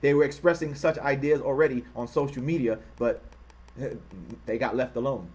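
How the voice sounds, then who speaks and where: A man hosting an online show, reading items off his screen and talking about them. He repeats himself often and gets loud and high-pitched when he is worked up. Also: moderate pace, husky. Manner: repetitive, grows loud and high when heated, mocking quoted voices. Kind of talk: livestream commentary reading from a screen.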